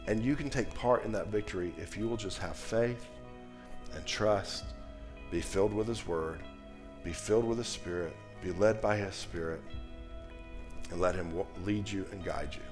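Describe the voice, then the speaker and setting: A man preaching a sermon, moving from loud, emphatic lines to soft, low passages. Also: moderate pace, over music. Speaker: pastor.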